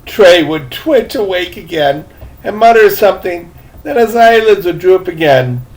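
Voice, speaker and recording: Older man, storyteller, unhurried reading, high voice, animated delivery. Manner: unhurried, breaks off to chat about his drink. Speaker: reader. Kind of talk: reading a novel aloud.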